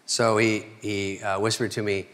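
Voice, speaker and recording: A middle-aged man giving a dry, deadpan stand-up roast on a theater stage, pausing for his punchlines. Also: fairly low pitch. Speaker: comedian roasting a friend. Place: theater stage at an award ceremony. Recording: reverberant hall, noisy live recording.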